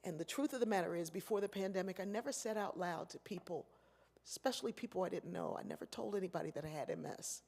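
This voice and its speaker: A keynote speaker in a large convention hall, this woman talks fast in a fairly low, creaky and slightly rough voice. She tells animated stories, acting out the voices of the people in them. The hall sounds echoey.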